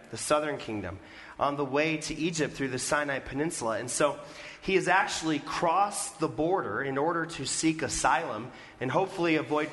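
A man's voice: on the high side, fairly bright tone, in a large hall. A male pastor preaching a storytelling sermon and putting questions to the congregation.

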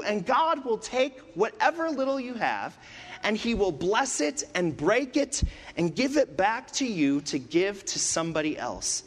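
A middle-aged male pastor preaching a sermon, dramatic, with rhetorical questions and pauses. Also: high-pitched, very animated, fairly bright tone, slight background noise. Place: church sanctuary. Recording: long reverb of a church hall.

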